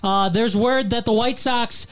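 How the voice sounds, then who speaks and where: A man's voice: very high voice, fairly even intonation, unhurried, clean tone. A man hosting a casual sports podcast, laughing easily and reading facts aloud in a matter-of-fact way. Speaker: podcast host.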